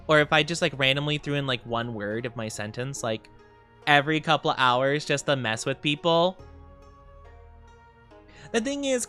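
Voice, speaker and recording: A playful male streamer chats and rambles to his viewers, his pitch bouncing all over the place. He giggles often, and soft music runs quietly in the background. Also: clean tone. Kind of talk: casual live-stream chat.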